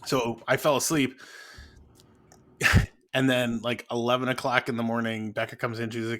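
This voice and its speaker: A man in his thirties with a bright, forward voice tells a story at an easy pace, full of "um" and "like". He sounds relaxed and chatty as a podcast co-host. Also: medium pitch, moderate pace, pauses often. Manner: laid-back storytelling with fillers. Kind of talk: casual chat.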